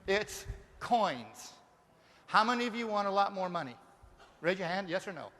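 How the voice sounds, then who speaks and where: A high-pitched man speaks from the stage of a big seminar hall, and his voice rings with a long, lingering reverb. He talks with a lively motivational speaker's energy, throwing question after question at the crowd. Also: moderate pace, a little hiss or hum. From Denver, Colorado.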